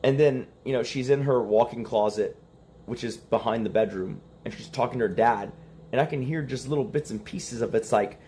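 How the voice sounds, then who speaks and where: A man's voice: medium pitch, normal speed, warm tone, a little hiss or hum. A young man telling a story in casual stream talk, acting out the quoted lines and laughing between them.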